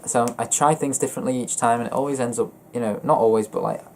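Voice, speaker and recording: A young man vlogging about his feelings in a flat, monotone voice, hesitant and often stopping to correct himself. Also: medium pitch, a little hiss or hum. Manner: hesitant, halting and self-correcting. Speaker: gaming YouTuber. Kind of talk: personal confessional vlog.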